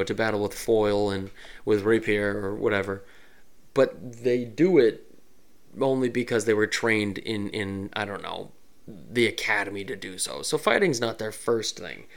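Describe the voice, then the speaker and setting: A man talking casually on his solo podcast as a game master. He rambles with lots of fillers and asides. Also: lowish voice. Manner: rambling, animated, many fillers.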